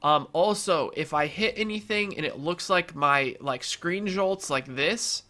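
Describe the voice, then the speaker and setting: A young man talks casually over his own gameplay, his voice nasal and stuffed up from allergies. His tone is bright and forward, and he chats easily, padding his sentences with ums and you-knows as he reassures his viewers. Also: fairly high pitch, measured pace. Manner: chatty, filler-heavy, reassuring the viewers. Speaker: gaming YouTuber.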